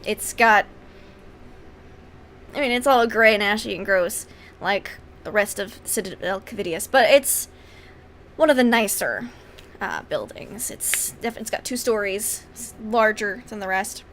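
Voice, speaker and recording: A woman's voice: medium pitch, lively intonation, a little slow, fairly bright tone. A woman running a tabletop game as game master, chatting casually with fillers and narrating scenes in an upbeat way. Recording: faint background noise.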